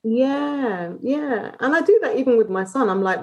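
A British woman speaking as a podcast guest in a candid, casual chat, talking openly and quickly and often restarting her phrases. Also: on the high side, animated, a little mellow, lo-fi sound. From Britain.

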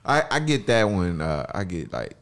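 Easygoing comic guest, a man who laughs a lot, lively pitch. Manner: laughs often, easygoing, halting restarts. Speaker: comedian guest. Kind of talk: casual comedic chat.

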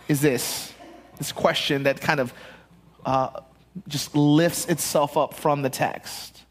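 High-voiced animated male pastor. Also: long reverb tail. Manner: animated, acts out the voices in the scripture reading. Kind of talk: sermon. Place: church stage.

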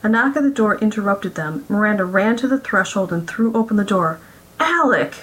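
A woman narrating a romance story in a smooth, even reading voice. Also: mid-range voice, brisk, low-quality recording. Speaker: audiobook narrator.

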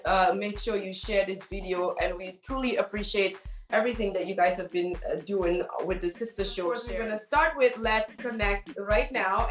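A woman's voice: mid-range voice, reverberant. A woman hosting a casual chat show, teasing her co-hosts. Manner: teasing, lively. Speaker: show host.

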